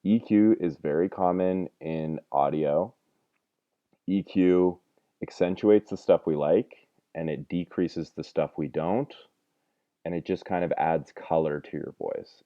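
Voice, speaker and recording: Deep-voiced man teaching audio, chatty. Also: measured pace, no room sound, muffled recording. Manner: chatty and self-deprecating, rambling with fillers. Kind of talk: casual screen-recorded tutorial.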